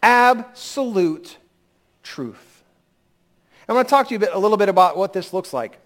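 A man's voice: high-pitched, lively intonation, racing. A man preaching a sermon in a candid, conversational way, recovering from a lingering cold. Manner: candid, conversational preaching with sudden emphatic rises. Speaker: pastor.

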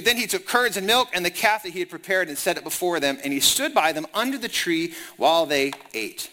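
Animated, high-voiced male preacher. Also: brisk. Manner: animated, conversational storytelling. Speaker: pastor. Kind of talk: sermon.

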